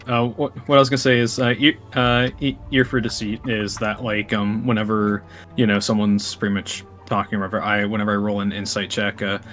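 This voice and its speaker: Low-voiced stammering game player. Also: male voice, flat delivery. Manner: halting, stammering, many restarts. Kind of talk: casual tabletop game talk. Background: soft background music.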